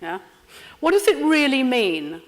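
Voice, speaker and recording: A woman leading an interactive training workshop, lively and constantly checking in with her audience. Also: high voice, unhurried. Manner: lively, checks in with frequent "yeah?". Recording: lecture room with long reverb.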